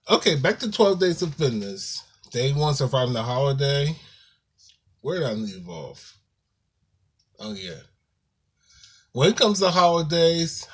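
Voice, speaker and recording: A man vlogging to his viewers in a casual, halting and apologetic way, calling them "y'all". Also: medium pitch, slightly rough. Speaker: YouTuber. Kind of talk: casual talk to camera.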